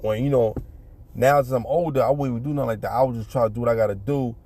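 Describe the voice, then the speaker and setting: A man's voice: medium pitch, fast talker, dark tone. A middle-aged man, casually telling a street story and acting out punches with sound effects. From New York City.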